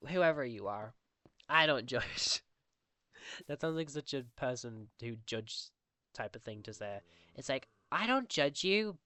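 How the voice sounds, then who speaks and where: A young woman chatting casually over a game recording, rambling and acting out what others said in a higher voice. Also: a bit bright, no echo. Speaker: Minecraft roleplay vlogger.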